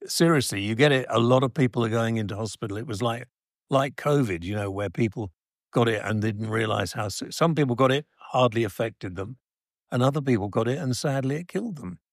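A man's voice: mid-range voice, fairly quick, dry recording, clean studio sound. A middle-aged man with a Geordie accent, rambling and self-deprecating in a casual chat with his wife.

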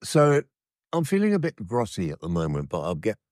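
Older man, low voice, dry close mic, halting jokey chat. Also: huge pitch swings, a little mellow, dry recording. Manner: hesitant, joking, full of fillers. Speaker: podcast co-host. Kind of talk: casual chat.

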